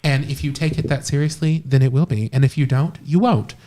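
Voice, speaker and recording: A man's voice: medium pitch, steady tone, a little fast, mellow. A man co-hosting a live podcast chat, talking passionately and emphatically. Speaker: co-host, witchcraft priest.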